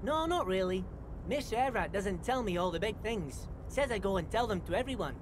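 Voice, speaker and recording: An actor with an Irish-like accent playing a friendly, chatty young dockworker in a video game. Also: male voice, sits high, lively intonation, fairly quick, noisy background. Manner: friendly, earnest, calls people mister. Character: cheerful young male dockworker, eager and chatty.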